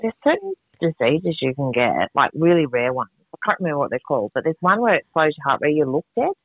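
A woman joining a podcast over a call, telling stories in an animated, casual way over tinny call audio. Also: low voice, fast, no echo. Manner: animated storyteller. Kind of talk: casual chat. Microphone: phone or video call.

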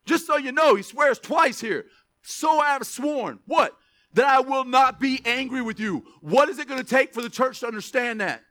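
A man preaching a sermon as pastor, reading verses slowly with emphasis, then dropping into quick asides to the church. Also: very high voice. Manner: animated, stretches scripture words for emphasis, drops to asides.

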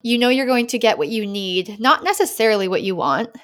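A woman's voice: a little high, animated, fairly quick. A woman hosting a podcast, affirming her guest and leading into the next topic in a conversational tone. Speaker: podcast host. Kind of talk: casual interview chat.

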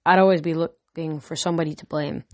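A woman's voice: low-pitched, steady tone, quick pace, no room sound. A woman reading the part of a worn-down middle-aged father who sounds tired and resigned, in a dry close recording. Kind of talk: audiobook character reading.

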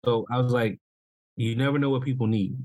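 A man's voice: medium pitch, a little fast, a little mellow, no room sound. A man co-hosting a podcast in casual, earnest chat who often checks in with his listener. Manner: earnest, often asks "you know what I'm saying?". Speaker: podcast co-host.

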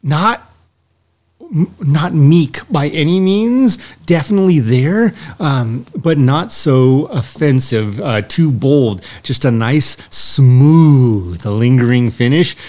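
Relaxed man describing a scotch. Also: on the high side, slow pace. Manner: lingering, descriptive tasting talk. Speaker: podcast co-host. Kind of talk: casual chat.

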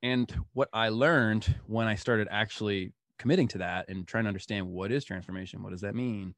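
A man's voice: lowish voice, a little fast, dry recording. Guy telling stories in an interview, laughs a lot, dry close mic. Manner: animated, laughs through stories. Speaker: guest. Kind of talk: storytelling interview.

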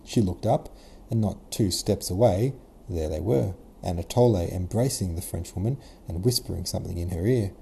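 A man's voice: sits low, moderate pace, creaky, hardly any pauses, warm tone, slight background noise. A man reading a classic novel aloud in a casual modern retelling, as the podcast host. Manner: casual modern retelling, occasional self-corrections. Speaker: podcast host and audiobook reader. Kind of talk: scripted narration.

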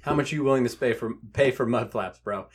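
A man's voice: mid-range voice, fast talker, breathy edge. A man co-hosting a casual podcast, teasing his friends with crude, profane jokes.

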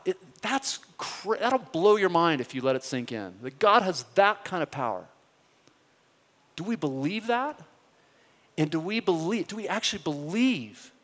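A man's voice: high-pitched, fairly bright tone. A man preaching a sermon as a pastor, earnest and conversational, pressing his points with rising questions. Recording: reverberant hall.

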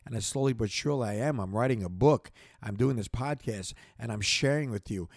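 A man's voice: medium pitch, brisk, no echo, clean studio sound. A man hosting a podcast, giving a passionate motivational talk that repeats itself, builds in intensity and keeps circling back. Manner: passionate, repetitive, gets worked up then apologizes. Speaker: podcast host.

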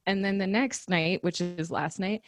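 A woman's voice: lowish voice, fairly even intonation, moderate pace. A woman co-hosting a podcast, telling a story in casual chat and laughing often. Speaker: podcast co-host.

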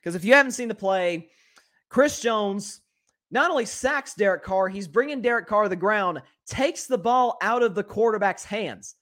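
High-pitched opinionated sports talk host. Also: male voice, moderate pace. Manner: animated, opinionated, repeats words while thinking. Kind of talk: solo sports talk commentary.

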